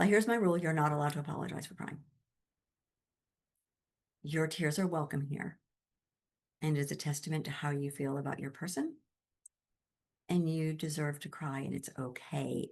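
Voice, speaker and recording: A woman speaks in a low, slightly gravelly voice, talking as a grief support specialist in an interview. Her manner is emphatic yet gentle, and she keeps it conversational. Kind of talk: interview answers.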